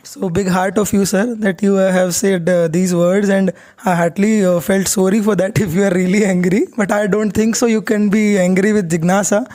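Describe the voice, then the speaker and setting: A man's voice: high voice, steady tone, moderate pace, hardly any pauses, a little mellow. A man interviewing a guest in a polite, deferential manner with frequent hesitant fillers.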